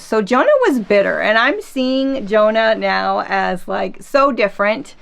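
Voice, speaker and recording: A woman hosting a casual faith podcast, retelling a Bible story in a chatty, animated way and acting out the quotes. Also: mid-range voice, unhurried, creaky, hardly any pauses. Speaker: podcast host.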